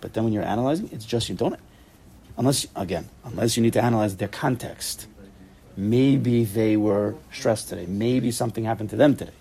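Fast-talking gravelly man teaching. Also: lowish voice. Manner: animated, repeats and restarts, Hebrew and Yiddish terms. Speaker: Torah class teacher. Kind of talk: informal Torah study class. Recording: recorded in a study room for a tape.

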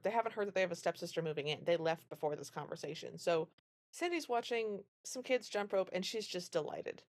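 Fairly low in pitch and fairly quick, a podcast co-host gives a casual, animated recap of a film. She voices the characters' lines herself as she tells it.

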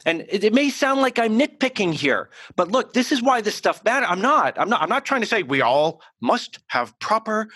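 American guy coaching on speech, really lively up and down voice, dry close mic. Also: sits high, normal speed, hardly any pauses, breathy edge, no echo. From United States. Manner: animated, emphatic explaining with restarts. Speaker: communication coach, guest. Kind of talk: podcast interview.

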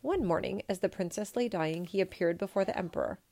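A woman reading a children's storybook aloud in a gentle, measured way. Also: mid-range voice, gravelly. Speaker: storybook reader.

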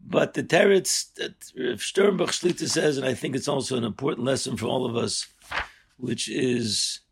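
Rich: A gravelly, husky voice belonging to an older man teaching a Torah class. He speaks earnestly and climbs high and loud when he wants to drive a point home. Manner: earnest, rising sharply in pitch and volume for emphasis. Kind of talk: Torah lesson.

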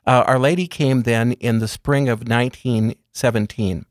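Man guest, mid-pitched, calm explainer, unhurried lists; dry booth sound. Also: no room sound. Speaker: guest speaker on religious topics. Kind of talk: calm explanatory interview talk.

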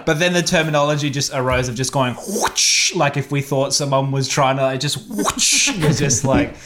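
A man's voice: mid-range voice, fairly even intonation, fairly quick, fairly bright tone. A man hosting a podcast, telling a story in casual chat with lots of fillers. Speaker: podcast host.

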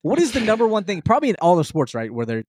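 A man co-hosting a sports podcast, talking in an animated way with rhetorical questions. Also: sits high, very fast, no echo, clean studio sound. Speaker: podcast co-host. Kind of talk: casual sports chat.

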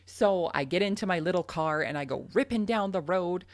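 A woman's voice: on the low side, a little fast, few pauses, dry recording, studio quality. A young adult woman from Canada, a farmer and podcast host, telling a funny story in casual chat and laughing often.

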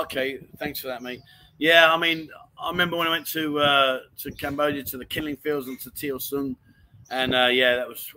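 This medium-pitched male livestream host has a sharp tone, and the audio is poor with slight background noise. He chats casually from home in Pattaya, going through viewer comments and repeatedly addressing people as mate.

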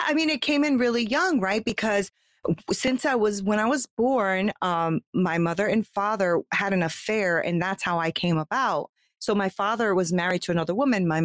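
A woman's voice: medium pitch, no room sound, clean studio sound. A woman, a guest from the United States, telling her life story in a heartfelt, talkative way with many fillers and restarts. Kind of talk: candid personal storytelling.

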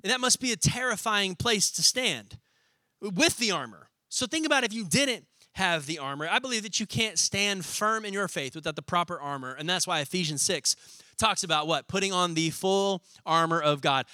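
A man's voice: high voice, animated, moderate pace, bright, forceful tone, no room sound. A man preaching a sermon as pastor, casual and direct, calling the congregation to repeat lines after him. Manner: preaching with call-and-response, casual slang.

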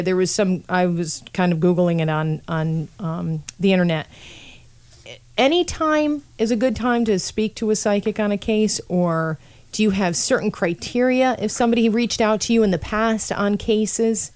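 A woman hosting a casual interview, chatty and quick to laugh, acting out what others said. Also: medium pitch, lively intonation, a little mellow. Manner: chatty, laughs often, acts out quotes. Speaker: podcast host and psychic.

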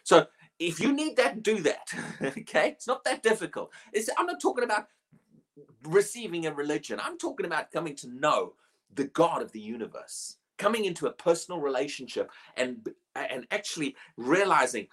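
A woman preaching a sermon, emphatic and animated, often asking rhetorical questions. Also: sits low, moderate pace, husky.

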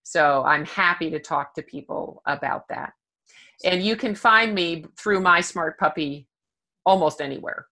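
A woman's voice: lowish voice, measured pace, sharp tone. A woman dog trainer guesting on an interview show, speaking in an upbeat, matter-of-fact way. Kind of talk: casual interview chat.

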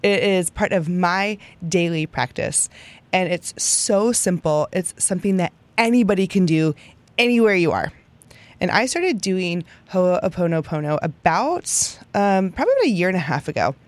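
A woman's voice: lowish voice, lively intonation, normal speed. Chatty upbeat woman podcast host. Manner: chatty, upbeat, repeats "right?" often. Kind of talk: casual teaching monologue.

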